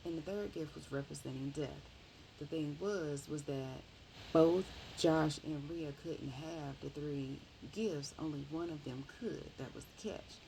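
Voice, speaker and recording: A woman casually retelling a book's plot in a rambling, animated way, often correcting herself. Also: low voice, measured pace, creaky, a little hiss or hum, rough recording. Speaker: book reviewer. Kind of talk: casual book review.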